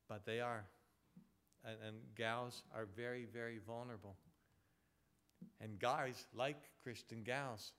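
A male pastor preaching a sermon, emphatic, repeating words and dropping from loud points to quiet asides. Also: medium pitch.

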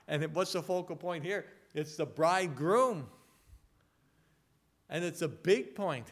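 Male pastor, sermon, slightly higher voice, conversational, rhetorical tag questions, slow deliberate scripture reading. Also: fairly bright tone. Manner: reads scripture slowly and deliberately.

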